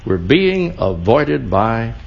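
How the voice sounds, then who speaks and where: A man reading comic verses on a radio quiz as its announcer, delivering each rhyme in a measured way. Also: mid-range voice, very animated, vocal fry, husky, muffled recording. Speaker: announcer and scorekeeper.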